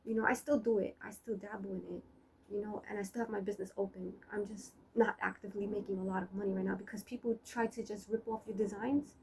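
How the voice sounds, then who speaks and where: A woman's voice: medium pitch, fairly even intonation, fast, a little mellow, slight background noise, low-quality recording. A young adult woman rambling through a personal vlog monologue, swearing freely and laughing often as she talks. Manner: profane, laughing, trash-talking. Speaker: vlogger.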